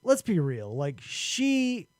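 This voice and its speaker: A man puts on a sun god who speaks like a laid-back buddy, in a fairly high, easygoing voice. The sound is close and dry. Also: wildly swooping pitch, slow, no room sound, exaggerated voice. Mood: reasoning. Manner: casual, chummy.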